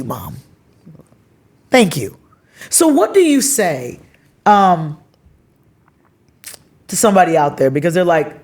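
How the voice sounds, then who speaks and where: A middle-aged woman hosting a casual, heartfelt conversation, telling stories with animated swings in her voice. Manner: animated storytelling, expressive pitch swings. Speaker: podcast host.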